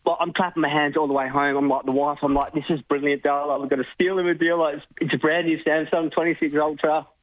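A man's voice: fairly high pitch, level tone, fast, hardly any pauses. A man with an Australian accent calling in to a radio show, telling a rambling story full of "like". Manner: rambling, fills with "like". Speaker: caller. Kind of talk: casual phone-in story. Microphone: phone. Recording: tinny phone line.

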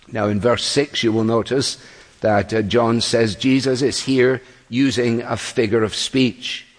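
A man preaching a sermon, opening with prayer and then explaining the passage in an earnest, measured way. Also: on the low side. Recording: long hall reverb.

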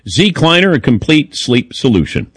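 A man hosting a sports radio show, teasing his co-hosts in a wry, lively way and reading an ad. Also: a little high, moderate pace, no echo. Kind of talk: casual radio talk and read ad.

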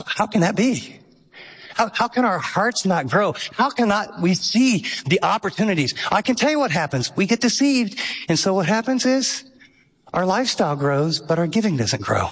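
Earnest preacher with a slightly high voice. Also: male voice, very animated, moderate pace, slightly rough, big-room sound. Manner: earnest and emphatic, fond of rhetorical questions. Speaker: pastor. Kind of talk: sermon.

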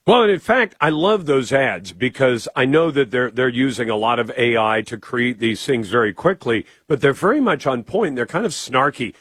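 A man's voice: medium pitch, animated, moderate pace, hardly any pauses, a bit bright, breathy edge, no echo. A man hosting a political radio show, asking questions in a conversational way. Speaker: radio host. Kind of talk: casual political talk on radio.

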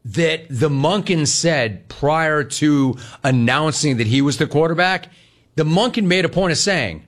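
A man's voice: a little high, lively intonation, moderate pace, fairly bright tone. A man hosting a sports radio show, ranting with mocking emphasis and repeating his points. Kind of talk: opinionated sports rant.

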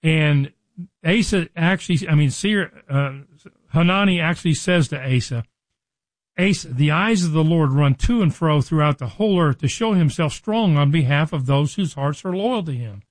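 A man with a somewhat high voice is teaching from scripture. He talks through the story casually and dramatizes the characters' words as he goes. The sound is dry and close, with almost no room echo. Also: moderate pace. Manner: retells scripture with lively dramatized quotes. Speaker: preacher. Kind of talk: Bible teaching.

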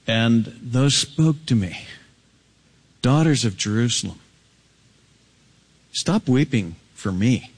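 A man preaching an expository sermon, swinging from soaring emphatic peaks down to low hushed asides. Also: very animated, measured pace, pauses often. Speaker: pastor.

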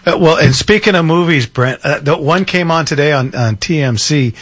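A man's voice: fairly high pitch, animated, normal speed, a bit bright. A man hosting a call-in radio show, chatting casually with many restarts and fillers. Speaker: radio host. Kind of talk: casual talk radio chat.

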